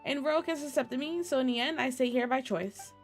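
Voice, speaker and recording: A woman's voice: sits high, fairly quick, soft background music. A woman voicing a gallant, wistful old male cat swashbuckler, reading game dialogue aloud in formal storybook phrasing.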